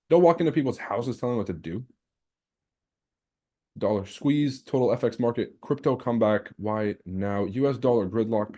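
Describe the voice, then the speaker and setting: A man's voice: mid-range voice, a little mellow. A man hosting a live trading stream, chatting casually, brash and teasing as he reads out the chat and swears freely. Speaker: trading livestream host.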